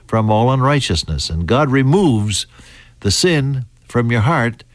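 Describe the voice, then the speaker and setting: Deliberate American preacher, dry sound. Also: male voice, mid-range voice, animated, no echo. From United States. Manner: deliberate, halting, with fillers and restarts. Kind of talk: radio Bible teaching.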